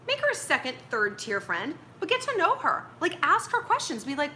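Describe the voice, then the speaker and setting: A young woman chats her way through dating advice on a livestream, blunt, joking and acting out quoted lines. Her voice is bright and lively, swinging high and low. Faint noise sits under the recording. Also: quick pace, few pauses. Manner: animated, blunt and joking, acts out quoted speech. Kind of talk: casual livestream advice chat.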